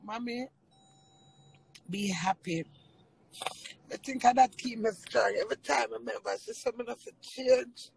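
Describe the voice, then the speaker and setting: A woman's voice: on the high side, measured pace, creaky, long pauses, darkish tone, slight background noise, low-quality recording. A Jamaican woman livestreaming, talking in a raw, tearful way and swearing freely. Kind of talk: emotional casual monologue.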